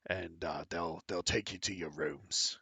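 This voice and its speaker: A man's voice: sits low, fairly even intonation, unhurried, gravelly, sharp tone, husky, no room sound, voice pushed down, full character voice. Man doing a curt grumbling guard. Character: gruff grumbling male guard and driver.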